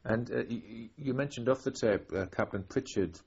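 A man's voice: medium pitch, moderate pace, vocal fry, darkish tone. A man interviewing a veteran, asking polite, hesitant questions. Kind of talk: oral history interview. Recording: dull tape with faint hiss.

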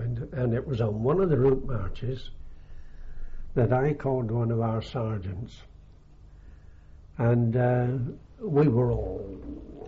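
An older man speaks slowly, in a mid-pitched voice, pausing and restarting as he reminisces. The recording is a dull, lo-fi archive tape with the top end rolled off. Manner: halting and unhurried, full of ums and restarts. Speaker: veteran interviewee. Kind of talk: oral history reminiscence.

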